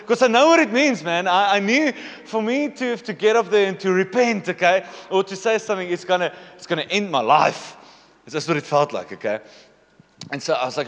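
In a church hall with big-room sound, a pastor in his thirties gives a confessional personal testimony during a sermon. His fairly high, fairly bright voice moves briskly, and he keeps checking in with the congregation by asking "okay?".

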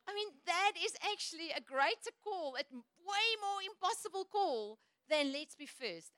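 A woman preaching to her congregation in an earnest, chatty way, quick to laugh. Her voice is bright and forceful, sitting a little high. The sound is close and dry. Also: no echo. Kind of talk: sermon. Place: church.

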